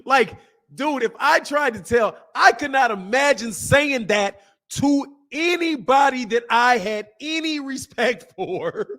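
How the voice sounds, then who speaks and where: High bright-voiced man ranting. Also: takes it slowly. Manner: animated, laughing often, slangy storytelling. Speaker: boxing channel host. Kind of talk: casual commentary to camera. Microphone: camera mic.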